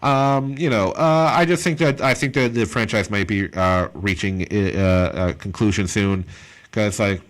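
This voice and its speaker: A man's voice: lowish voice, measured pace. A man co-hosting a casual podcast, a comedian who reviews a movie in a rambling way with lots of fillers. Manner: rambling, filler-heavy, animated impressions.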